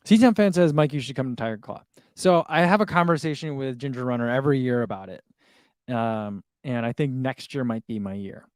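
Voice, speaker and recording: A man's voice: mid-range voice, a little fast, darkish tone, no echo, clean studio sound. A middle-aged man hosting a running livestream, chatting casually and reading viewer comments aloud with easy laughs. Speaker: running channel host reading live chat.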